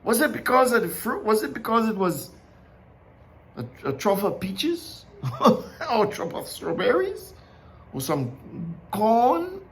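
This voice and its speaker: A man preaches informally, in a high, bright voice. His pitch swings widely as he speaks, and he keeps a slow pace. He asks his listeners question after question. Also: sing-song. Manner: conversational, asks many questions, laughs often. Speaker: Bible teacher. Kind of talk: informal sermon.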